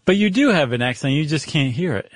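A man's voice: a little high, expressive, fast, a little hiss or hum. A middle-aged man with a General American accent, hosting a podcast in casual, teasing chat. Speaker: podcast host.

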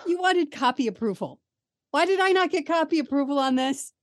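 A woman with a high, bright-pitched voice co-hosts a casual podcast. Her pitch swings widely as she reacts in short bursts and playful quips to her co-host. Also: expressive, brisk. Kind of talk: casual chat.

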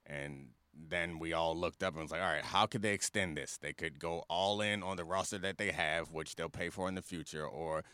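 A man with a deep but forceful, bright voice co-hosts a sports podcast. His takes are opinionated and easygoing. The sound is dry and close, with no room around it. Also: normal speed, few pauses, clean tone, no echo. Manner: easygoing, opinionated, loose phrasing. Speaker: podcast co-host. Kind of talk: casual sports talk.

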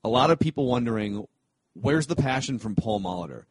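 A man's voice: medium pitch, animated, a little fast, husky, no room sound. A man co-hosting a sports podcast in casual chat, joking and ranting. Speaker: podcast co-host.

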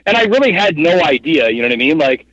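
A man in his thirties rambles through a story as an interview guest, packing his talk with fillers and tangents. His voice sits a touch high for a man. The sound is dry and a little dull. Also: fast, dry recording. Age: 30s. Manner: rambling, animated, heavy with fillers like "like" and "you know what I mean". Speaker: guest, hunting guide and cameraman.

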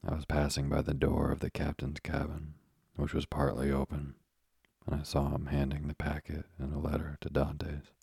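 A man voicing a sly, evasive male ship's officer in an audiobook, with a gravelly, husky voice. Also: rumbling low, monotone, moderate pace, warm tone, dry recording, studio quality, exaggerated voice. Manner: sly, insinuating. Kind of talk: audiobook character reading.

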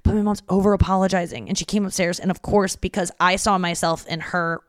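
A woman's voice: on the low side, fairly even intonation, a little fast, no echo, clean studio sound. A woman hosting a solo comedy podcast, telling stories in a rambling, profane way full of fillers. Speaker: podcast host.

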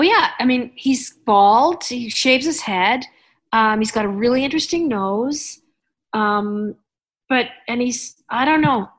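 A woman hosts a podcast in easy conversation, rambling and circling back on herself. Her voice sits slightly high. She talks loosely, restarting her sentences. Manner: chatty, rambling with many restarts. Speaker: podcast host. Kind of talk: casual chat.

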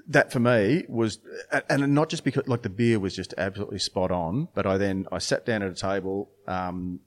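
A man's voice: fairly low pitch, normal speed, few pauses. Rambling man telling stories. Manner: rambling, many restarts and fillers, storytelling. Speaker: brewer and beer judge. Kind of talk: casual podcast chat.

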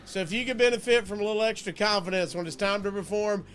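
Guy with a pretty high voice doing a jokey upbeat ad read on a podcast, bit of background hum. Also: fast talker, fairly bright tone. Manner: upbeat pitchman, joking. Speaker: podcast co-host. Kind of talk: casual chat, live-read ad.

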